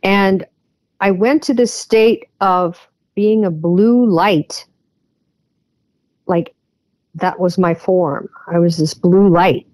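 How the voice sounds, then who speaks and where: A woman who is a guest on an interview podcast, earnestly retelling a personal experience and often pausing on fillers. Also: fairly low pitch, fairly even intonation, darkish tone, no echo.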